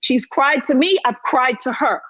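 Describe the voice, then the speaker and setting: A woman's voice: high voice, moderate pace, fairly bright tone, no echo. A woman of Haitian heritage, probably in her thirties, talking heatedly in an audio chat room, emphatic and repeating herself as she defends her side. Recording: dry, slightly dull phone audio.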